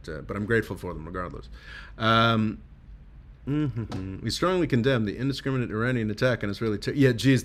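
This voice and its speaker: A tired man hosting a casual livestream and reading viewer comments aloud, rambling and halting with many fillers, sardonic and laughing at his own jokes. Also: fairly low pitch, a bit bright. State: tired and low. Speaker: livestream host reading super chats.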